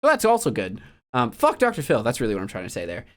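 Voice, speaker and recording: A streamer chatting casually and at length, rambling with many fillers and sudden loud, animated impressions. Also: medium pitch, quick pace. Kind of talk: casual chat.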